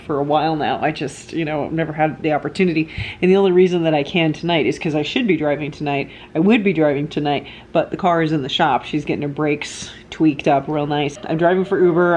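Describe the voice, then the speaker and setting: A woman's voice: deep voice, a little hiss or hum. A young woman talking casually to her viewers in a home vlog, chatty and rambling, sometimes frustrated. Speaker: vlogger. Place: indoors at home, lying on the floor.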